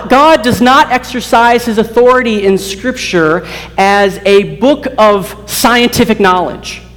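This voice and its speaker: High-voiced man preaching in a hall. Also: a bit bright. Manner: earnest, many repeated starts, acts out quoted voices. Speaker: campus preacher. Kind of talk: sermon. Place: college hall.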